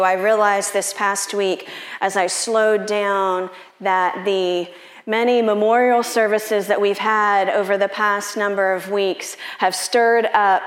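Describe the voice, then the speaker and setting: A woman pastor preaching a sermon in an unhurried, conversational and personal way. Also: mid-range voice, echoey room.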